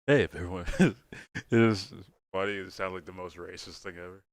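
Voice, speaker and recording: A man's voice: low voice, fairly even intonation, normal speed, no echo. A man hosting a casual livestream, reacting and chatting in a rambling, giggly, profane way. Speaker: livestream host.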